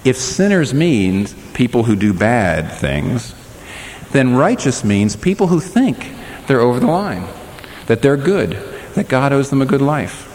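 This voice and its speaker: A man preaching a sermon as pastor, talking to his congregation with animated delivery and shifting into the voices of the people he quotes. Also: unhurried. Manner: animated preaching, voices quoted speakers with sharp pitch swings. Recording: reverberant hall, faint background noise.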